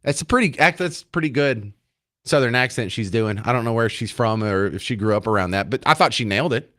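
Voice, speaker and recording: A man's voice: mid-range voice, expressive, fairly quick, a bit bright, dry recording, studio quality. A man hosting a talk radio show, giving opinionated commentary with sarcasm and mocking rhetorical questions.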